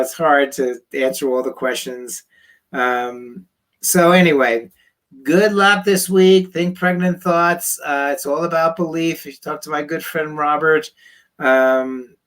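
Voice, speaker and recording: A slightly hoarse male doctor who reads out viewer questions in a live online Q&A and answers them bluntly, with many ums and uhs. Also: fairly high pitch, a bit bright. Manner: loose, with frequent ums and uhs. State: slightly hoarse, losing his voice. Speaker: fertility doctor.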